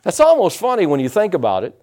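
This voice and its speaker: His voice sitting high and his pace quick, a male pastor preaches with animation. Quotes get acted out, and he invites responses from the congregation.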